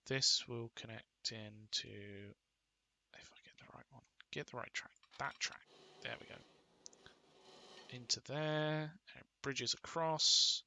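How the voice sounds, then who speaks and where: A man's voice: mid-range voice, slow pace, creaky, bright, forceful tone, a little hiss or hum. A man giving casual commentary while playing a game, muttering to himself and getting mildly exasperated. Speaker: gaming video creator.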